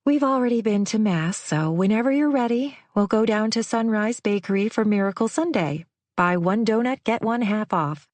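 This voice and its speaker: A woman's voice: mid-range voice, moderate pace, no room sound, pitched above the performer's own voice, natural voice. A woman voicing a cheerful, motherly middle-aged host who chirps along. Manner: bright, chirpy.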